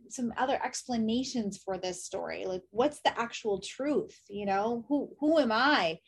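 A woman's voice: a little high, husky. A woman guest on a podcast in casual conversation, reflective and working through questions aloud.

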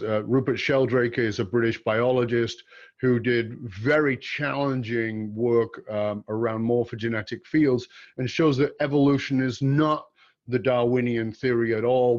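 A middle-aged man from Australia, hosting an interview and telling stories in a relaxed, anecdotal way with some hesitant fillers. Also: mid-range voice. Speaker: host. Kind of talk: conversational interview, storytelling. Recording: dull lo-fi audio.

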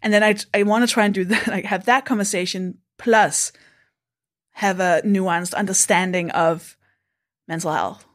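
A woman's voice: mid-range voice, fairly even intonation, normal speed, a bit bright. Frank, reflective Danish-born woman comedian. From Denmark. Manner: frank, reflective, casually swearing. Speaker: comedian guest. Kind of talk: candid podcast conversation.

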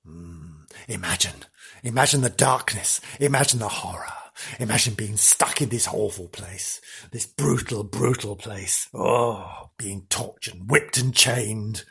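A man's voice: on the low side, a little slow, creaky, fairly bright tone, slightly rough. A man hosting a comedy podcast, telling ghost stories in a camp, theatrical way, full of dramatic "oh"s. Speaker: podcast host. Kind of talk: comedic storytelling chat.

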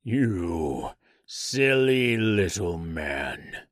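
A man voicing an evil giant male tree monster with a slow, drawn-out, mocking delivery. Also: deep voice, very animated, no echo, clean studio sound, voice pushed down, full character voice.

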